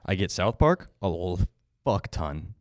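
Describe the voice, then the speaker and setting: Young guy with a super deep voice, hyped and cursing, dry close mic. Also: very animated, measured pace, no room sound. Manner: enthusiastic, swearing. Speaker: podcast co-host. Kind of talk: casual chat.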